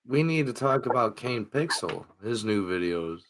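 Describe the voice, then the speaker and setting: A man's voice: medium pitch, expressive, moderate pace, a little hiss or hum, rough recording. A man co-hosting a podcast, chatting casually with dry, short interjections. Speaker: podcast co-host. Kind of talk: casual chat.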